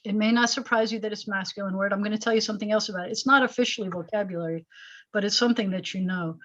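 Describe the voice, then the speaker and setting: Female rabbi and teacher, patient and explanatory, mid-pitched voice, slightly muffled video-call sound. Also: steady tone, rapid-fire, a bit bright. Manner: patient, explanatory, asks students questions. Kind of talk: online Hebrew lesson.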